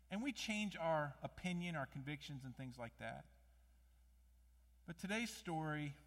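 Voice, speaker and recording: Guy preaching a sermon, high voice, lots of rhetorical questions, gets loud then drops, long reverb. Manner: animated, rhetorical questions, rising to loud emphasis. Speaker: pastor.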